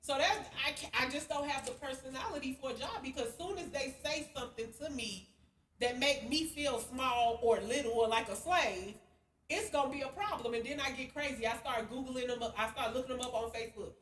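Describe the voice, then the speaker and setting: A woman's voice: high-pitched, fairly quick, fairly bright tone. A young woman, telling a heated story in a blunt, profane, casual rant. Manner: blunt, heavy cursing, heated. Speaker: spiritual vlogger. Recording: echoey room, far from the mic, faint hiss.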